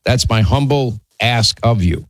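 A male talk radio host speaking at a medium pitch with a dry, close studio sound. He talks emphatically and keeps restarting his sentences as he takes calls. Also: unhurried, no echo, low-quality recording.

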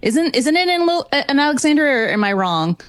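A woman's voice: high voice, big pitch swings, brisk, dry recording. A chatty woman from New Orleans talks as a guest on a call-in show. She laughs easily and sounds close and dry, with no room around her voice. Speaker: paranormal investigator, guest. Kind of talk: casual radio call-in chat.

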